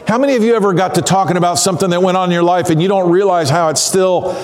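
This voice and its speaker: High-pitched pastor guy preaching, earnest and chatty, lots of hall echo. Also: steady tone. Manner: earnest, conversational preaching with sighs and pauses. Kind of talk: sermon.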